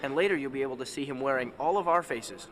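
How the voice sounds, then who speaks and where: A man's voice: medium pitch, quick pace, fairly bright tone. A man actor in a documentary interview, making wry jokes. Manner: joking, wry.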